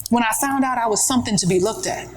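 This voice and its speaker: Giving a motivational conference keynote before an audience, this woman talks quickly in a fairly high voice, using an emphatic, conversational preaching style and rhetorical questions. The audio quality is poor, with slight background noise.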